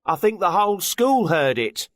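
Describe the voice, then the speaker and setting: A man voicing a schoolboy in a textbook listening dialogue, telling a friend a story in a lively way. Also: sits high, moderate pace, no echo, studio quality.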